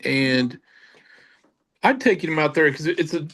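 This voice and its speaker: Higher-voiced man telling a rambling story. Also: animated, unhurried, a bit bright, a little hiss or hum. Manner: rambling, many fillers and restarts. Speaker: paranormal investigator guest. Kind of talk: casual storytelling.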